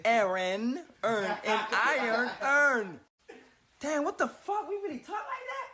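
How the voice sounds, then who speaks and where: A woman's voice: sits high, expressive, takes it slowly, a loud crowd. A woman in a casual social media clip, playfully saying words aloud over and over.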